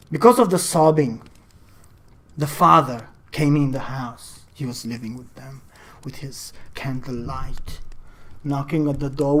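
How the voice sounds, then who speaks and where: Slow, halting storyteller. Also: mid-range voice, a little hiss or hum. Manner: halting, with restarts and pauses. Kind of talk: ad-libbed story retelling.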